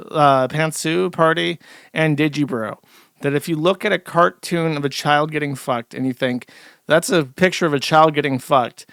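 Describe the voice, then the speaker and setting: A man's voice: a little high, a bit bright, clear, resonant tone, no room sound, studio quality. A man hosting a live stream, reacting to clips with profane, sarcastic ranting. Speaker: streamer host.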